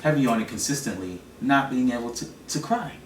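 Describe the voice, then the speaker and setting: A trans man telling personal stories in a relaxed interview, soft-spoken and given to bursts of laughter. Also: medium pitch, a little fast, reverberant, distant mic, slight background noise. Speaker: interview guest. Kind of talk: relaxed storytelling.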